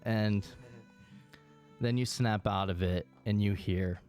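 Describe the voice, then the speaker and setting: A man with a lowish voice narrates a tabletop game as game master. He describes scenes in a measured, unhurried way and often restarts his sentences. Soft music plays behind him. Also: fairly even intonation, smooth.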